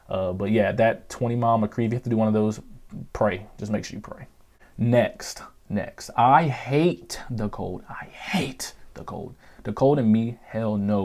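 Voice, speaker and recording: A man's voice: on the low side, mellow. A young man in his twenties, a former Marine, telling war stories to camera in a casual, profane, emphatic way that repeats things for emphasis. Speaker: Marine Corps veteran vlogger.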